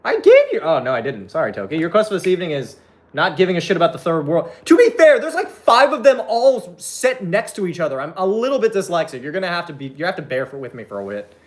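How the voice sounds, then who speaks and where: A young man talks on a live stream in a loose, profane ramble, hopping from one topic to the next as he answers chat. His voice sits a little high for a man and swings widely up and down when he gets worked up. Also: quick pace. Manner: profane, rambling, excitable, jumps between topics. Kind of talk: casual live-stream chat reading viewer comments.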